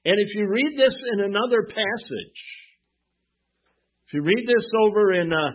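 A pastor preaching a sermon who asks the congregation questions and answers them himself. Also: male voice, high voice, lively intonation, normal speed. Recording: tinny phone-like sound.

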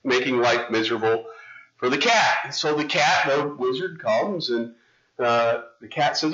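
A male pastor preaching a sermon in a chatty, animated storytelling way. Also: medium pitch, a little slow, highs cut off.

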